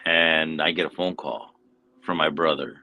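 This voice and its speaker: A very deep-voiced man rambles casually through a story, swearing constantly, like a laid-back podcast host working without a script. His pace is a little slow, and the recording is rough. It's casual chat.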